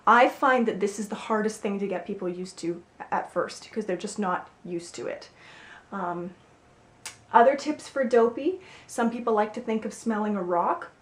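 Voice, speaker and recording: A woman vocal coach giving a singing lesson, explaining clearly and with a playful, upbeat manner. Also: medium pitch, moderate pace. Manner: clear, upbeat instructive delivery with playful demonstrations. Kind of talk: singing lesson with spoken instruction. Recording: roomy echo with faint music.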